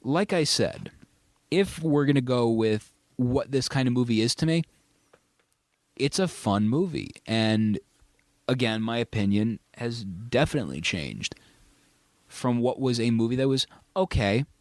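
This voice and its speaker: A man's voice: mid-range voice, expressive, a little slow, no echo. A man hosting a casual podcast, reviewing a film with enthusiastic, rambling, joking talk. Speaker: podcast host. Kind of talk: casual movie review chat.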